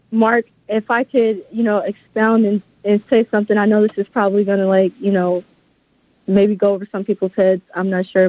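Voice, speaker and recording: A woman's voice: mid-range voice, dry recording. A woman guest author in an interview, talking with passion and firm conviction. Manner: passionate, emphatic, faith-driven talk. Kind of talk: interview over a phone line. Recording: phone-line audio, dry.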